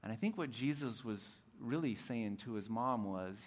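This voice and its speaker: A young adult man preaching a sermon as pastor, animated, dropping to soft intimate tones at times. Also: medium pitch, moderate pace.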